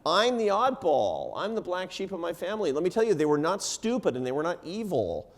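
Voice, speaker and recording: A man's voice: high voice, fairly quick. Middle-aged guy from the us telling a story on stage, voice swings up and down a lot, cracks himself up. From United States. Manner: animated, laughing often, self-deprecating asides. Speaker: panelist. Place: event hall before a live audience.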